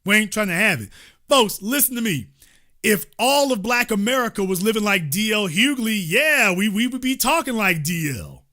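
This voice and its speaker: A man ranting as a commentary host, heated and mocking, with profanity throughout. His voice is high and bright, and it swings widely in pitch as he drives each point home. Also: lively intonation, normal speed. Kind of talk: political commentary rant.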